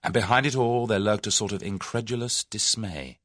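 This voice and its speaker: A man narrates an audiobook from a script in an expressive storytelling manner. His voice is fairly low and moderately paced, recorded at studio quality with no room sound.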